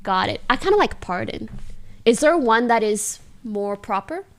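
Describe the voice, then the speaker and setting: A woman's voice: a little high, expressive, moderate pace. A woman streamer chatting casually and playfully, laughing often and repeating practice phrases aloud. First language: English.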